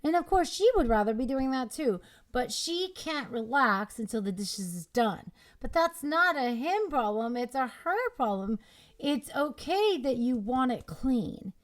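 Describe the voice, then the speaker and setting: A woman's voice: sits high, sing-song, unhurried. Emphatic young woman giving commentary. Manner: emphatic, opinionated, explanatory. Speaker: relationship commentator. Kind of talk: reaction commentary on a clip.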